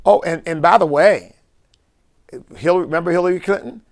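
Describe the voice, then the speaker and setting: A man's voice: sits high, brisk. A man, a bishop, giving impassioned preaching-style commentary full of rhetorical questions.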